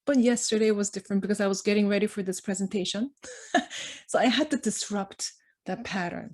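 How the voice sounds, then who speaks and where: A middle-aged woman gives a conversational presentation. She tells everyday family stories and slips into the voices of the people she quotes. Laughter comes often as she talks. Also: medium pitch. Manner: animated storyteller, acts out quoted lines, laughs often. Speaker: conference speaker.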